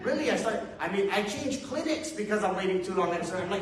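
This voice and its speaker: Male preacher, high register, loose and self-mocking, heard far off in a very echoey hall. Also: expressive, fast talker, few pauses, a crowd in the background. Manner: casual, self-deprecating, chuckling asides. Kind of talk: conversational sermon. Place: church hall with a congregation.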